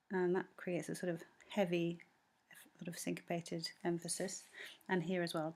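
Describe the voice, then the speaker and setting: A woman's voice: fairly low pitch, fairly even intonation, moderate pace. A woman teaching a music lesson, patiently explaining a score bar by bar, with frequent ums and self-corrections, sometimes singing short bits of the melody.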